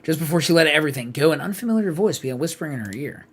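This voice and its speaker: A man streaming a live game playthrough, reading the text aloud with animated asides. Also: on the high side, very fast, slightly rough.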